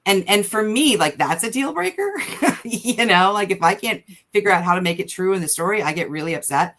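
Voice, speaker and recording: In a medium-pitched, expressive voice, a female writer guesting on a podcast chats casually, speaking fast and thinking aloud with many filler words.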